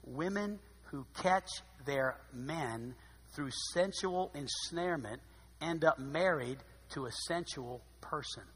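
A man preaching a sermon, dramatic, swinging from hushed asides to loud emphasis. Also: fairly high pitch, slow, slightly rough. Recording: long hall reverb.

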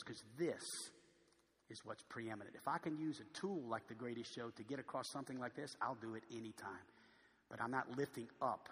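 A man preaching a sermon, swinging from soft, intimate asides to loud, fervent proclamation, then leading a closing invitation. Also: mid-range voice. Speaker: pastor. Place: church sanctuary. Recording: long church reverb with faint music.

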